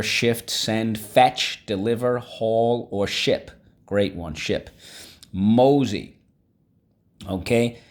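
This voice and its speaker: A man teaching a vocabulary lesson, upbeat and coaxing, repeating each word for students to echo. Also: lowish voice.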